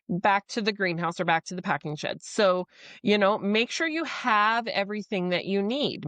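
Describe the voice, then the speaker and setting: A woman's voice: mid-range voice, fairly bright tone, no room sound. A woman hosting a farm podcast, talking frankly and chattily and poking fun at her own past mistakes. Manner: frank, chatty, self-deprecating. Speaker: podcast host, former farmer. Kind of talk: casual podcast interview.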